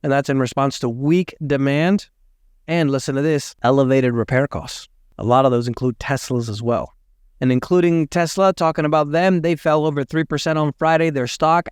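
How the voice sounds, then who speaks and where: A man giving casual commentary on market and economic news, thinking aloud, hedging his facts and doing quick math as he talks. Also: mid-range voice, smooth, dry recording, clean studio sound.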